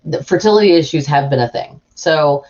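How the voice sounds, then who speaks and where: A woman's voice: low voice, a little fast. A woman chatting casually to live viewers as host, telling stories animatedly. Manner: animated storytelling, acts out voices of people in her anecdotes. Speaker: livestream host. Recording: muffled lo-fi stream audio.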